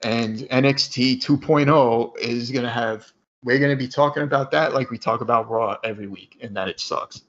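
A man's voice: medium pitch, moderate pace, a bit bright, muffled recording. Agreeable man chatting on a podcast. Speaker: podcast co-host. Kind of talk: casual podcast chat.

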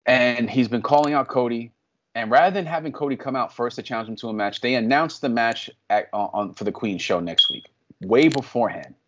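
A man's voice: mid-range voice, a little fast, highs cut off, slight background noise. A man co-hosting a casual podcast, ranting with plenty of swearing and sudden bursts of exasperation. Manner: profane, ranting, animated. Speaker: podcast co-host. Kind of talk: casual wrestling podcast chat.

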